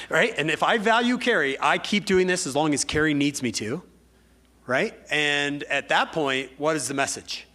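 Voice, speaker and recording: A man lecturing a class in a lively, animated way, telling stories and acting out the dialogue. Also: fairly high pitch, moderate pace. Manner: animated storyteller who acts out dialogue. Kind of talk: lively classroom talk with anecdotes.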